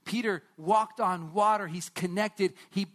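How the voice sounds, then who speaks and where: A pastor with a fairly high voice, preaching and retelling a story with drama and emphasis. He speaks straight to his congregation, drawing them into the scene. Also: measured pace, fairly bright tone. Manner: storytelling, dramatic, direct to listeners. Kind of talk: sermon.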